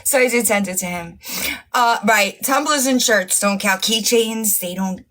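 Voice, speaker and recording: A woman's voice: medium pitch, normal speed, fairly bright tone. A woman hosting a casual livestream, mocking and profane, laughing often and losing her voice. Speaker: livestream host.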